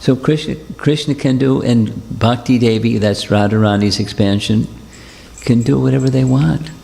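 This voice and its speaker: Gravelly man, low dark voice, repetitive reassuring teaching, long hall reverb. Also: moderate pace. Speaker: spiritual teacher. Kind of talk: devotional talk with questions.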